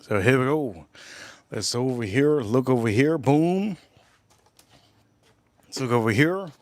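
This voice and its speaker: A man's voice: mid-range voice, animated, takes it slowly. A jet-lagged man hosting a casual livestream, repeating himself, swearing loosely and calling out to viewers. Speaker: livestream host.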